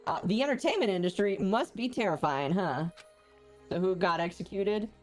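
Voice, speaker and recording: A woman's voice: medium pitch, animated, normal speed, soft background music. A woman streamer playing a story game, reading the characters' lines aloud and cutting in with joking asides. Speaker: gaming streamer.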